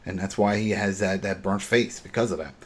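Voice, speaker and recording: Male podcast host, husky voice, animated scene-by-scene recap that slips into the characters' lines. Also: low voice, a little fast. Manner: animated retelling, acting out dialogue. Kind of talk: casual podcast chat.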